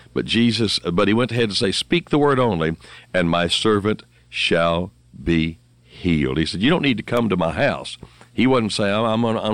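A man preaching a radio sermon, emphatic and fervent, with halting restarts and quoted scripture. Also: on the low side, a bit bright, no room sound.

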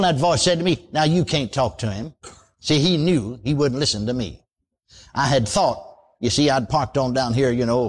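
An older man preaching a radio sermon in a folksy, animated way, calling for amens. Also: mid-range voice, husky.

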